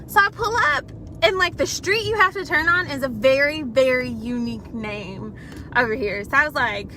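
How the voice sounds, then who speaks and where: A woman's voice: sits high, normal speed, pushed and bright. Chatty woman telling a story in her car. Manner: chatty, profane, addresses viewers as y'all. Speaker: vlogger. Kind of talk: casual storytime vlog. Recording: noisy car recording.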